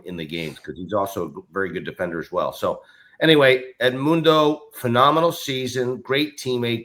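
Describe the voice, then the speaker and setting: A man's voice: lowish voice, a bit bright. A man co-hosting a casual sports podcast, talking enthusiastically with frequent restarts. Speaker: co-host.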